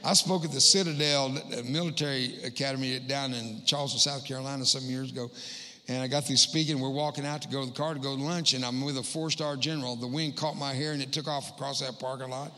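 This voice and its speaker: A middle-aged man giving a humorous spoken testimony as a guest speaker in a church, landing quick self-mocking punchlines. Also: medium pitch, fairly even intonation, pushed and bright. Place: church hall. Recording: long hall reverb.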